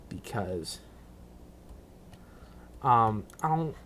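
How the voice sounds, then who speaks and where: A man's voice: mid-range voice, expressive, a little slow, long pauses, slight background noise. A man streaming a video game, rambling through casual commentary with self-mocking asides.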